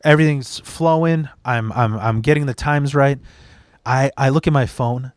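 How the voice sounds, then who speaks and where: A man's voice: mid-range voice, steady tone, moderate pace, dry recording. A young man hosting a podcast, telling a story in blunt, profane, casual chat and slipping into mimicry of other people. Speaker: podcast host.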